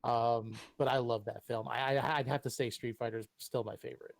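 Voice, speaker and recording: A man's voice: mid-range voice, steady tone, a little fast, gravelly, no room sound. A man joins as a guest reviewer and talks about favorite films in an earnest, casual way. His voice sits in a middle register. The sound is dry. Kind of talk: casual chat.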